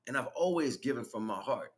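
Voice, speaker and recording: A man hosts a livestream, giving a casual spiritual monologue in loose, rambling, slang-heavy talk and laughing as he retells things. His voice sits at medium pitch, animated and fairly quick.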